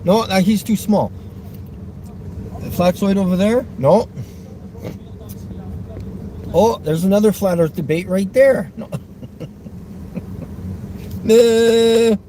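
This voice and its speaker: A man's voice: high-pitched, takes it slowly, long pauses, dark tone. A man from Westchester County, New York, vlogging from his car in rambling, provocative talk with frequent laughs. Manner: provocative, teasing, laughs often. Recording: car noise behind.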